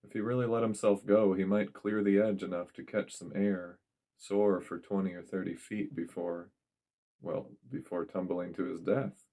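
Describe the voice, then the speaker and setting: A man with a deep, low voice narrates a story aloud. He reads at a steady, measured pace, as in a scripted storytelling piece.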